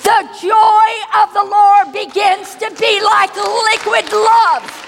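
Woman preacher, high-pitched, emotive storyteller who sinks into hushed tones; sanctuary with long reverb. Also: fairly even intonation, slow, gravelly, a crowd in the background, background noise. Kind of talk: sermon with personal testimony.

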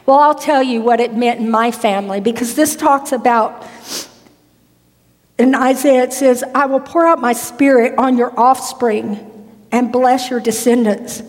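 Woman preacher, high-pitched, emotive storyteller who sinks into hushed tones; sanctuary with long reverb. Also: steady tone, a little slow. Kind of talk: sermon with personal testimony.

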